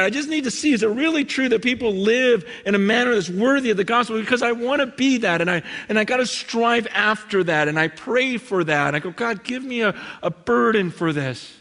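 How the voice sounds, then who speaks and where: A man giving a sermon, telling stories in an animated way, acting out quoted voices, with many fillers and restarts, heard in a large hall. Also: very high voice, a little fast, few pauses. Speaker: pastor. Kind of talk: sermon with storytelling. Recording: hall with long reverb.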